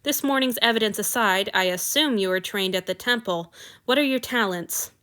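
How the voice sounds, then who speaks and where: A woman's voice: medium pitch, normal speed, bright, forceful tone, close to an everyday voice. A woman reading an audiobook, voicing an aloof, ancient male vampire god who speaks in a curt, commanding way. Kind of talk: audiobook fan fiction reading.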